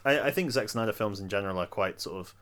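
A man co-hosting a casual film podcast, quizzing his friend in a hesitant, low-key way. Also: fast, fairly bright tone. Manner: hesitant, many fillers and restarts, low-key. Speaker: podcast co-host. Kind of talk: casual chat, quiz host.

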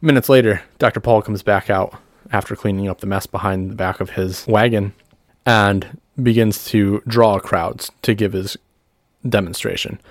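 A man narrating as game master of a tabletop game with steady, plain storytelling. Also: lowish voice, moderate pace, no echo, clean studio sound.

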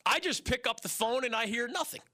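A man in his fifties hosting a sports talk radio call-in show, telling a story in an animated way and chuckling between lines. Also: very high-pitched, brisk.

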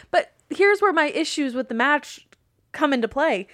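A woman co-hosting a wrestling podcast, talking in a blunt, animated, casual way and swearing freely. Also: sits high, fairly quick, no echo, studio quality. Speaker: podcast co-host. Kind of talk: casual wrestling recap chat.

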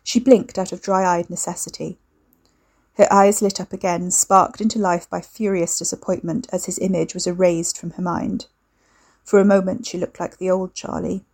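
A woman narrating a dark fiction story in a measured, steady reading. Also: lowish voice. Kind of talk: scripted audiobook narration.

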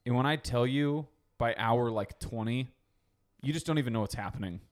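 A man's voice: mid-range voice, moderate pace. Young male podcast co-host, casual storyteller, easy laughs and loose swearing. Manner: laughing storyteller, acts out quotes, swears freely. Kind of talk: casual chat.

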